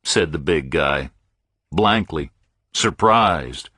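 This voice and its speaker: A man reading a first-person thriller audiobook in a measured, tense storytelling manner. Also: extremely low pitch, expressive, pushed and bright, husky, no echo, studio quality. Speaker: audiobook narrator.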